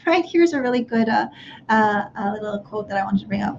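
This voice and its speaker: A woman speaking to parents in a live online workshop, gently guiding them through breathing exercises. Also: medium pitch, expressive, fairly quick, creaky, dull audio, a little hiss or hum.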